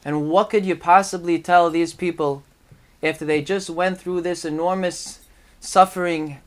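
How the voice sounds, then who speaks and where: Man preaching, high voice, rhetorical questions, emphatic storytelling. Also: clean tone. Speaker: rabbi giving a talk. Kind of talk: sermon.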